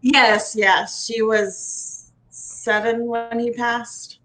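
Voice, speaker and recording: Woman, client, casual chat, slightly high voice, slow and hesitant. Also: little pitch movement, fairly bright tone, low-quality recording. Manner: short affirmations, slow and hesitant. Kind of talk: casual conversation.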